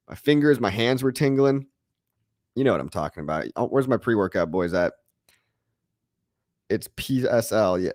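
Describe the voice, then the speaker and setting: A man's voice: mid-range voice, darkish tone. A male livestream host with a mid-range voice, talking loosely and chattily to his viewers. He keeps calling them "guys" and chuckles between points. The sound is dry and close, with no room echo. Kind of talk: casual livestream chat.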